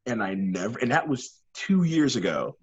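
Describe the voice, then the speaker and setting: A man being interviewed as a wrestling guest, an animated storyteller who rambles with many fillers and restarts. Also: medium pitch, normal speed, breathy edge, dull audio. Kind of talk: casual interview chat.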